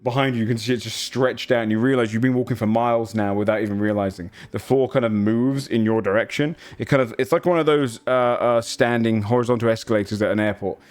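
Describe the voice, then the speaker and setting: A man's voice: mid-range voice, fast, few pauses. A man narrating as game master in a tabletop game, rambling and hesitant with many fillers.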